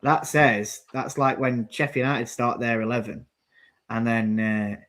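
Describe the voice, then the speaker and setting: Unhurried and fairly bright, this man's medium-pitched voice stays fairly even. As co-host of a laid-back football watchalong, he commentates on the match, rambles, names substitutions and plays, and complains about how the game is going.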